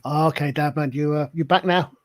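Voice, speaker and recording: A man's voice: on the high side, fairly even intonation, moderate pace. Rambling man hosting a stream. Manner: rambling, many restarts and fillers. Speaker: stream host. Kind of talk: casual live-stream discussion.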